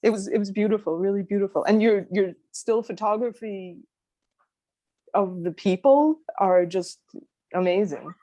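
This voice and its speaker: A woman's voice: medium pitch, moderate pace, warm tone, no echo. Moved woman, dry close sound. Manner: emotional, trailing off and restarting. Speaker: audience member. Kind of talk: casual conversational comment.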